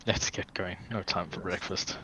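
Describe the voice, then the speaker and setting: A man playing in a tabletop game, asking quick questions about the rules. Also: deep voice, pushed and bright, a little hiss or hum, poor audio. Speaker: player.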